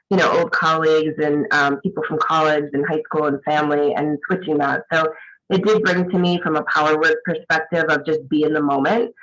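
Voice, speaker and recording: Man with a bright, groggy morning voice. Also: a little high, highs cut off. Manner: reflective, hesitant with many ums. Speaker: panel speaker. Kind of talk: casual video call talk.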